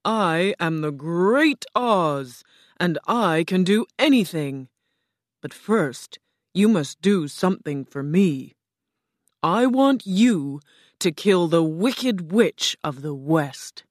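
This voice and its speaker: A woman reading a storybook aloud, voicing Oz, a grand and commanding female ruler, with slow, drawn-out, imperious delivery. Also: on the low side, lively intonation, no echo, clean studio sound.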